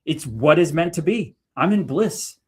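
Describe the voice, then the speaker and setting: Guy on a livestream telling spiritual stories, kinda high voice, gets loud then quiet. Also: unhurried, husky. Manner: animated storyteller, swings loud and soft. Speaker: livestream co-host. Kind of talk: spiritual casual chat.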